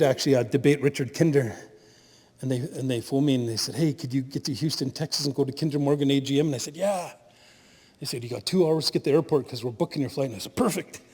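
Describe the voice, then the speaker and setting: A middle-aged man giving an animated storytelling talk as a spiritual leader at a conference, laughing at his own stories. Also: mid-range voice. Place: conference hall. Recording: long hall reverb.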